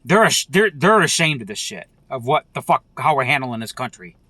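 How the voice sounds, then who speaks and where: A man's voice: mid-range voice, big pitch swings, brisk, bright, forceful tone, no echo. A man delivering an angry, profane political rant as a vlogger, heated and repetitive.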